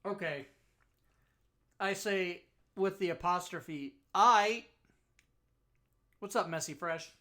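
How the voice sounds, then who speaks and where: A man's voice: high voice, measured pace, pauses often, fairly bright tone. A man playing in an online tabletop game, bantering playfully with the game master. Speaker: player. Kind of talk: casual tabletop game chat.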